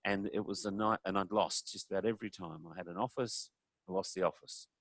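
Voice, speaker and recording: With a low, somewhat bright voice and a brisk pace, this communication speaker talks conversationally during a presentation, performing mock phone calls to demonstrate what he means. There's no room sound.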